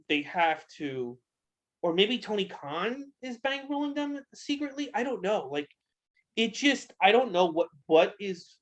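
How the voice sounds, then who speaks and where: Profane, heated young man ranting. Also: a little high. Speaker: podcast co-host. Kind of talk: casual wrestling podcast rant.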